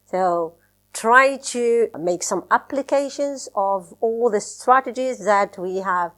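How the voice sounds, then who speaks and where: A woman teaches a listening lesson at a middle pitch. She explains in a slow, halting way with plenty of fillers, then repeats the practice words again and again. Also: a bit bright.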